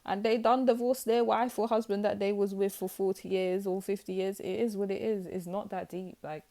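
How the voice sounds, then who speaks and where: A woman's voice: medium pitch, fairly even intonation, normal speed, dark tone. A young woman giving a casual tarot reading to camera, blunt and teasing, with lots of filler words. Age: young adult. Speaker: tarot reader.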